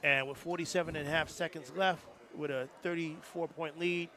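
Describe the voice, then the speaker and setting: Brief: male color analyst, slightly high voice, stop-start delivery. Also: fairly even intonation, sharp tone. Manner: halting, full of fillers and restarts. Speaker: color commentator. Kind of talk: live sports commentary. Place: outdoor stadium press box.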